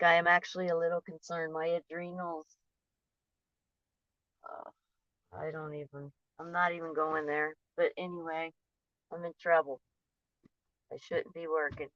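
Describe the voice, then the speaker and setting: A low, slightly bright female voice carries this casual vlog, which has no room sound and a dull, dry lo-fi quality. The vlogger speaks candidly about her feelings, drifting off and restarting her thoughts as she rambles.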